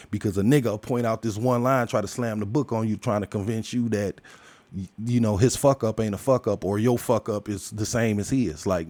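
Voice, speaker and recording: A man's voice: mid-range voice, darkish tone, no room sound. A man hosting his own podcast, ranting alone with heavy profanity, jumping from heated outbursts to laughter. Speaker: podcast host. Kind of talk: ranting solo monologue.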